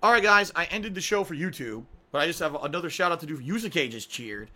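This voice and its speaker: Bright-voiced, emotional male streamer. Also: fairly high pitch, lively intonation, quick pace. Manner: emotional, earnest, close to tears; casual, with swearing and filler words. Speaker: live-stream podcast host. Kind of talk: heartfelt sign-off while reading viewer messages. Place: at home.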